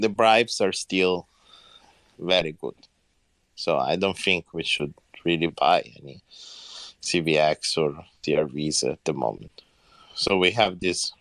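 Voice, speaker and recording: Founder fielding questions, low voice with a bright edge, halting delivery. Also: male voice, no echo. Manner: halting, many fillers, non-native phrasing. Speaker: project founder answering questions. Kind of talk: live audio Q&A.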